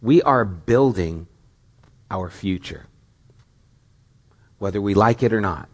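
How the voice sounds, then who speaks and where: A man's voice: on the low side, animated, takes it slowly. A middle-aged man preaching a sermon as pastor, earnest and questioning, with rising emphatic stretches.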